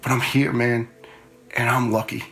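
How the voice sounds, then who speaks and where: Gravelly middle-aged man telling his story. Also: medium pitch, level tone, normal speed, a bit bright, soft background music. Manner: plain-spoken, earnest, repeats words as he goes. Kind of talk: personal storytelling.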